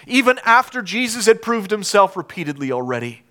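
High-voiced man preaching with emphasis. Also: big pitch swings, a little fast, hardly any pauses. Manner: emphatic preaching with wide swings between loud and hushed. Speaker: pastor. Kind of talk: sermon.

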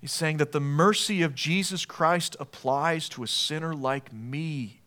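Man preaching a sermon, fairly high voice, hushed then emphatic, church pulpit. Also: a little slow. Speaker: pastor. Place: church sanctuary.

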